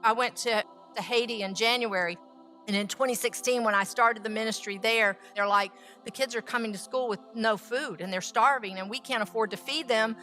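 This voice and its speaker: Bright, lively woman telling a story. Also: a little high, a little fast, soft background music. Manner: lively, acts out quoted dialogue. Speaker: food scientist and baker. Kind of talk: storytelling talk.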